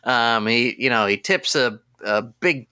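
A man's voice: mid-range voice, a little slow, bright, forceful tone, smooth. A man co-hosting a movie podcast in casual chat, jokey and sarcastic as he riffs. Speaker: podcast co-host.

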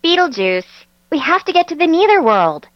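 A woman's voice: sing-song, moderate pace, no echo, highs cut off. A woman voicing a nasal-voiced teenage girl from a cartoon. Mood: pleading. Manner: high and pleading.

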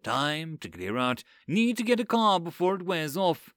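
A man's voice: on the high side, sing-song, normal speed, fairly bright tone, no room sound, studio quality, voice pushed up. A man playing a sardonic, weary paladin. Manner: sardonic, grumbling. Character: weary, sardonic adult male paladin, gruff.

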